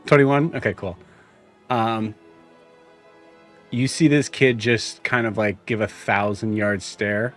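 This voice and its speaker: Low-voiced male game master. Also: steady tone, faint music behind. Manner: halting, many fillers, laughs easily. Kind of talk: running a tabletop game.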